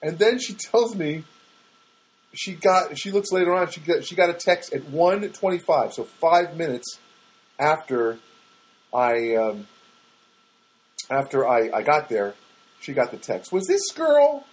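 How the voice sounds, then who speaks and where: A man's voice: on the high side, unhurried, long pauses, poor audio. A man talking alone in his small studio apartment, telling a rambling, exasperated story for his podcast. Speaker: solo podcaster. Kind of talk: casual monologue.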